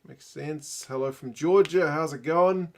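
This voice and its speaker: A man with a New Zealand accent hosting a late-night live reaction stream. He mutters asides and answers chat comments in a relaxed, tired way. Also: on the high side, measured pace. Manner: relaxed, muttered asides and chatty replies to viewers.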